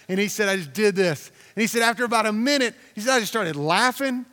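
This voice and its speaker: A man's voice: high-pitched, lively intonation, brisk, pushed and bright, long reverb tail. A man preaching a sermon as a pastor, talking in a conversational, storytelling way, repeating himself and putting questions to the congregation.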